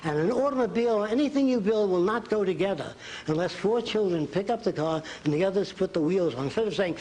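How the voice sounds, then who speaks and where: A man's voice: sits high, lively intonation, a little fast, hardly any pauses, a little mellow, low-quality recording. An older man giving a folksy college lecture at a blackboard, acting out quotes. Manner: folksy, drawing on a blackboard while talking, acts out quotes. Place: lecture hall.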